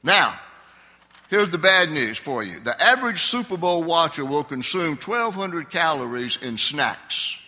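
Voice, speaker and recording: A man's voice: a little high, big pitch swings, measured pace, bright, forceful tone. An older man preaching a conversational Sunday sermon, asking his congregation questions. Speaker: pastor. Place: church sanctuary. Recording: long hall reverb.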